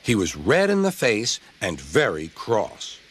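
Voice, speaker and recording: Brief: a man reading a children's train story with a gentle, measured delivery and lively pitch. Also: husky. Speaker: narrator.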